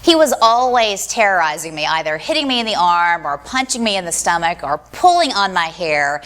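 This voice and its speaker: A woman's voice: medium pitch, fairly bright tone. A woman telling a personal story on stage in a live storytelling style, acting out the voices she quotes. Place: small stage venue.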